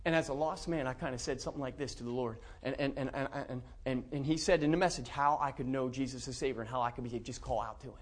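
A man's voice: medium pitch, quick pace, few pauses. A middle-aged man from central Pennsylvania, telling his conversion story to a church in a folksy, chuckling way. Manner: folksy storytelling, warm chuckles, many restarts. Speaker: preacher giving testimony. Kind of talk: personal testimony in a church.

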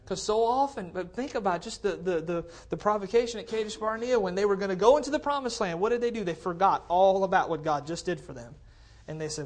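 A man preaching to his congregation in a relaxed, talky way, repeating key phrases to drive them home. He speaks into a cordless mic in a church and keeps checking in with his listeners. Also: sits high, fast talker. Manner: conversational preaching, checks in with "okay? all right?". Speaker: pastor. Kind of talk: sermon. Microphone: cordless handheld mic.

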